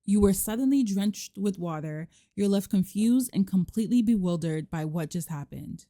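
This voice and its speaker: A woman hosting a let's play, giving casual, animated commentary and voicing her characters' lines with sass. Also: medium pitch, normal speed, no echo, clean studio sound.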